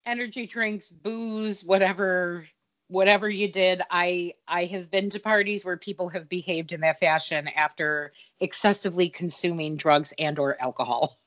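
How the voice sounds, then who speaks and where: A woman's voice: fairly low pitch, steady tone, moderate pace, fairly bright tone. A woman in her thirties co-hosting a casual film chat, wry and profane with dry humor.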